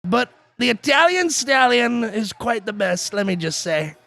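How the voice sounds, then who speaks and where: This is a boastful, bragging public figure who keeps repeating how great things are, as a man puts him on. The voice sits high and swings widely with a gravelly edge, in a dry, close sound. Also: big pitch swings, unhurried, fairly bright tone, no echo, exaggerated voice. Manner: exaggerated bragging, repeats claims.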